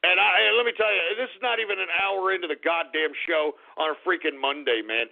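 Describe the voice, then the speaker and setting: Male radio talk host, high gravelly voice, ranting and profane, tinny phone-like audio. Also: a little fast. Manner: irate, profane, swinging between shouting and muttering.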